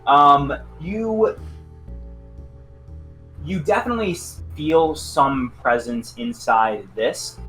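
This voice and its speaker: A man's voice: fairly high pitch, slow, pauses often, bright, forceful tone, soft background music. A man narrating as game master, describing scenes in a loose, hesitant way.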